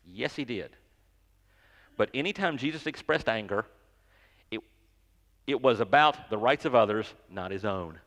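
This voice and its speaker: A man's voice: medium pitch, expressive, normal speed, long pauses, a bit bright. Man preaching in a reverberant church. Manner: conversational, self-deprecating, stammers and repeats words. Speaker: pastor. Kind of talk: sermon. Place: church sanctuary.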